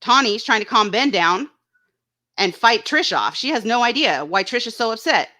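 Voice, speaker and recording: A woman's voice: fairly high pitch, lively intonation, moderate pace, sharp tone. A woman hosting her own channel, talking casually and bluntly about online drama, swearing freely and reading out viewers' chat comments. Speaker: YouTube channel host.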